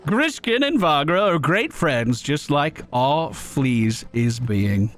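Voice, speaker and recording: A man's voice: fairly high pitch, very animated, slow, fairly bright tone, exaggerated voice. A man voicing an earnest male flea caravan leader who tells tales in broken grammar. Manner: broken grammar, storytelling, folksy.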